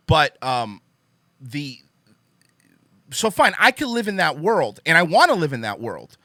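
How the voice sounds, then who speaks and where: Young male podcast host, high bright voice, emphatic profane ranting, dry close sound. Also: no echo. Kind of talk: casual opinion monologue.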